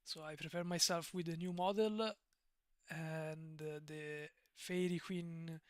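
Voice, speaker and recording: A man's voice: on the high side, fairly even intonation, slow, a bit bright, dry recording, clean studio sound. A man with an Italian accent chatting casually on a live stream, rambling, digressing and laughing often. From Italy.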